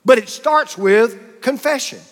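A male pastor with a high voice preaching with emphasis, hammering home his points through repetition and blunt contrasts. His voice rings out with a long reverb, as in a large church sanctuary. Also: unhurried. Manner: emphatic, repeats points, uses a punchy joke and short contrasts. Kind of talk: sermon.

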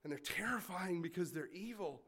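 Animated, joking man preaching a sermon. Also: high-pitched, moderate pace. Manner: animated, conversational storytelling with asides and jokes. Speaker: pastor.

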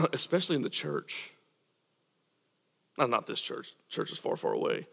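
A man's voice: medium pitch, wildly swooping pitch, a little slow, vocal fry, sharp tone, slightly rough, in a large hall. A man preaching a sermon as pastor, earnest and emphatic, repeating words as he drives points home. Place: church.

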